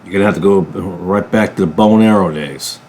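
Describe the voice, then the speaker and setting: A man from a ministry channel giving a political commentary monologue, emphatic, jumping from loud bursts to low mutters. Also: fairly quick, slight background noise. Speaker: ministry preacher.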